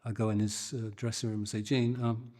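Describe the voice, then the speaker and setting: An older man, a guitarist, telling a lively anecdote and acting out the people in it. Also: fairly low pitch, brisk, in a large hall. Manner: animated, acts out the people in his story. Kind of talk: anecdotal storytelling.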